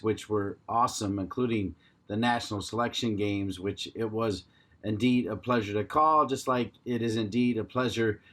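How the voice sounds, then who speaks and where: A man's voice: medium pitch, fairly bright tone. A man hosting a podcast, reading the show's opening in an upbeat, announcer-like way. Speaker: podcast host. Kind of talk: scripted podcast intro.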